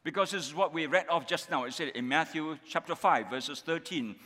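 A man's voice: fairly high pitch, a little fast, pushed and bright. A man with a Malaysian English accent preaching a sermon as pastor, often checking with the congregation through repeated rhetorical questions. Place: church hall. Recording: long hall reverb.

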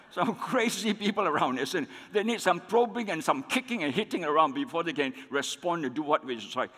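A man's voice: a little high, moderate pace, fairly bright tone, long reverb tail. A man preaching a sermon to his congregation, calling them friends, repeating his points and ending many lines with "isn't it?". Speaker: pastor.

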